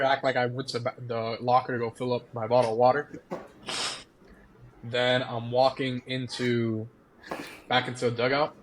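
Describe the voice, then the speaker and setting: A man's voice: medium pitch, a little hiss or hum. A young man, a former college baseball player, animatedly telling a story as a podcast guest, often laughing. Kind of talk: casual storytelling.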